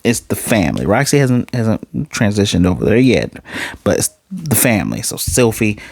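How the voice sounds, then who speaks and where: A man's voice: fairly low pitch, sing-song, normal speed, creaky, a little mellow, breathy edge, dry recording, studio quality. A man casually recapping and reviewing an anime episode, rambling, correcting himself as he goes, blunt and sometimes profane.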